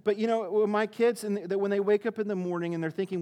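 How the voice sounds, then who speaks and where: A man's voice: high-pitched, steady tone, fast talker, dark tone, long reverb tail. A male pastor preaching a sermon in a conversational way, often restarting his sentences and using fillers.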